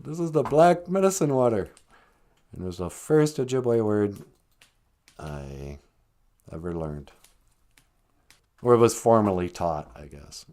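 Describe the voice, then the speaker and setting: Lively older man telling stories. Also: fairly low pitch, unhurried, long pauses. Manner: chatty, laughs often, lively storytelling. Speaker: host. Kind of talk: casual storytelling on a live stream.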